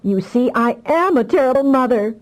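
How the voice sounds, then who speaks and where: Distressed storybook mother, as a woman puts her on, raised pitch, dark mellow tone, pleading. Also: expressive, moderate pace, lightly acted, rough recording. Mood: distraught. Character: anxious, fiery telepathic mother, adult woman.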